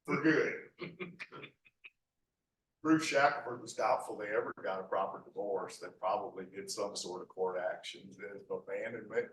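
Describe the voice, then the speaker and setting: A middle-aged man gives a folksy, rambling local history talk over slides in a lecture hall, full of asides and "uh" restarts. His voice is mid-range, captured from far off in an echoey hall with slight background noise.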